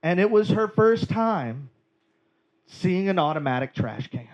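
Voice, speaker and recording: Brief: high-voiced male comic from Georgia, lively and wry, stage mic. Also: measured pace, lo-fi sound, a crowd in the background. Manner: animated, wry, profane storytelling. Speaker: stand-up comedian. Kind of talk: stand-up storytelling. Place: comedy club stage.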